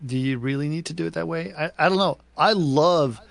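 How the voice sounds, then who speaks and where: A man's voice: on the high side, brisk, vocal fry. A man co-hosting a casual podcast chat, telling stories in a rambling, self-correcting way. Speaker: podcast co-host.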